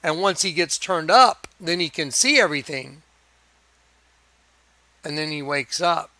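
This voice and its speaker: A man giving a rambling religious monologue over images, in an excitable, emphatic manner with chuckles. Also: fairly high pitch, measured pace, dry recording. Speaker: video preacher.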